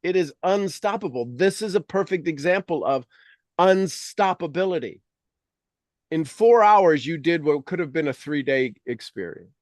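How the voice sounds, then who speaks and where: A man's voice: a little high, lively intonation, moderate pace, no echo, clean studio sound. Emphatic male motivational coach. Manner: emphatic and repetitive, drives points home. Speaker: leadership coach and host.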